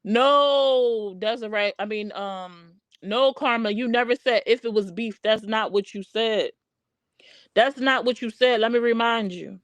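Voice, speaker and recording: Her voice runs a little high, and the recording is dry. She's hosting a relaxed drama commentary stream on a streaming microphone, bluntly and animatedly calling someone out while repeating her points.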